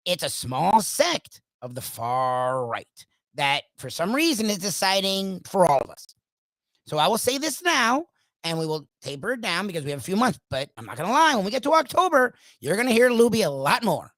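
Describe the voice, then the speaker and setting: A hoarse man hosting a sports talk show alone, ranting emphatically in a loud, opinionated monologue. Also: high voice, very animated, normal speed, no room sound, low-quality recording. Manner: opinionated, swings between loud bursts and quiet asides. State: hoarse from coaching. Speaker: sports radio host.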